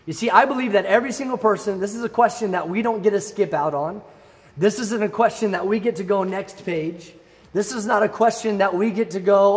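A young adult man, a youth pastor, telling a personal story in an energetic, animated youth sermon. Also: high voice, moderate pace. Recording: long reverb hall.

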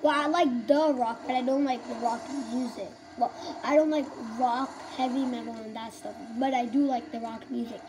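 A woman giving casual, playful gameplay commentary as a gaming YouTuber, excitable and calling everyone bro. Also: a little high, normal speed, hardly any pauses, over music, poor audio.

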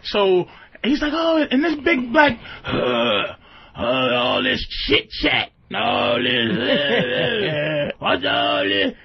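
A man's voice: very high-pitched, huge pitch swings, slow, gravelly, slightly rough. A man hosting a radio show, ranting bluntly and profanely and acting out the people in his stories. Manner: blunt, storytelling with acted-out voices. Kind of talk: profane comedic radio rant. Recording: muffled radio recording with music.

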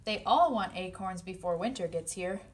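A woman reads a children's picture book aloud in a steady, mid-range voice. She turns playful on the animal sounds, jumping up high for the squeaks and yips. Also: moderate pace. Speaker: storybook reader.

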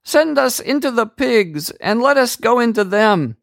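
A man doing a shrill pleading demon voice. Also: expressive, a little slow, gravelly, dry recording, studio quality, exaggerated voice. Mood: begging. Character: tormented demon-possessed man, frantic and pleading.

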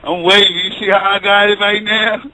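Brief: man, high bright voice, easygoing street slang, calling a radio show by phone, faint hiss. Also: level tone, fairly quick, low-quality recording. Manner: laid-back street slang, smooth and flirty. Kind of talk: call-in phone chat.

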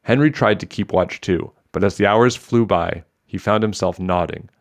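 A man reading a children's novel aloud in a steady, clear storytelling manner. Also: deep voice, moderate pace. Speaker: storybook reader.

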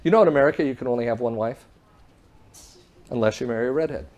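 A man giving a talk, telling a story in a lively way and acting out both sides of a phone call, often laughing and pausing for the audience. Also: medium pitch. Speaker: public speaker.

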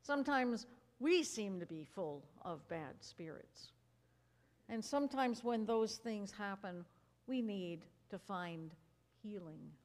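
A woman minister reading scripture as an expressive story, then preaching with measured pauses. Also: mid-range voice. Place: church sanctuary. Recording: reverberant church hall.

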